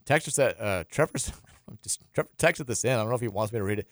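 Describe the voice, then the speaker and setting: A man's voice: lowish voice, expressive, quick pace, dry recording. A man hosting a sports radio show in a studio, reading out listener texts in a loose, rambling way with frequent restarts and chuckles.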